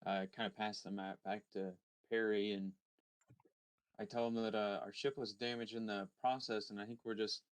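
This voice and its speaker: A man playing a tabletop game, speaking in a hesitant, halting way. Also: fairly low pitch, smooth. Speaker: player. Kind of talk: tabletop role-play, in character.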